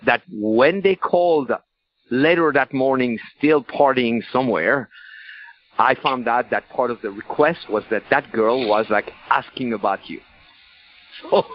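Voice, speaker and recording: A man co-hosting a call-in podcast, speaking earnestly with many restarts and repetitions. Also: mid-range voice. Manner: halting, repetitive, earnest speech. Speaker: podcast co-host. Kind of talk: conversational podcast talk. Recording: dull lo-fi sound.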